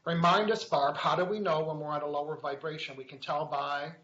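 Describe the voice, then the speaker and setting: A playful man hosts a live web show, joking and reading out viewer comments between teaching points. His voice sits a bit high for a man. The sound is echoey and a little dull, like a lo-fi webcast. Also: steady tone, fairly quick, fairly bright tone. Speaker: host of a weekly live online show. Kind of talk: casual live-stream chat and teaching.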